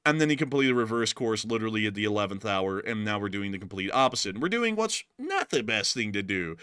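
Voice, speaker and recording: A man's voice: lowish voice, big pitch swings, fast talker, few pauses, fairly bright tone, clean tone, no room sound, clean studio sound. A male show host giving blunt, heated casual commentary. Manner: heated and blunt, exclaims and laughs. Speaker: host of a war news show. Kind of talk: casual live-stream commentary.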